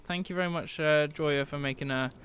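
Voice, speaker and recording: British guy on a flight sim stream, chatty, laughs a lot, voice a bit high, faint sim noise behind. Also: steady tone, a little fast, fairly bright tone. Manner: chatty, laughs often, reads chat aloud. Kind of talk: live stream commentary.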